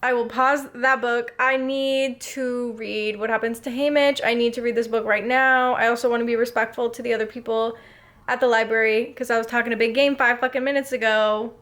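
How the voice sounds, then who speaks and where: A young woman talks straight to camera in a casual book vlog, her voice sitting high. She gushes and gets carried away easily, dropping swear words freely. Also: fairly quick. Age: young adult. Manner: excitable, gushing, swears freely. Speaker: book vlogger.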